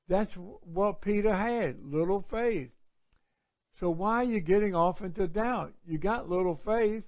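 A man teaching a live Bible study in a folksy, conversational preaching manner, with sudden loud cries. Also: high-pitched, a little slow. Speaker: pastor. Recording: dull, lo-fi livestream audio.

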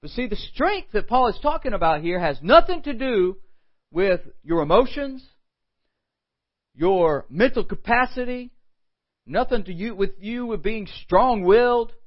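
A man preaching a morning sermon, animated, with quoted asides and frequent rhetorical questions. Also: high-pitched, unhurried, highs cut off. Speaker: pastor.

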